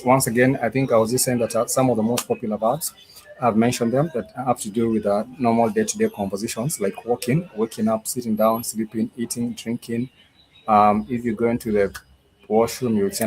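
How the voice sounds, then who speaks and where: A man's voice: fairly low pitch, a little mellow. A man teaching a live online Swahili class, thinking aloud and repeating his phrases, with many fillers and restarts.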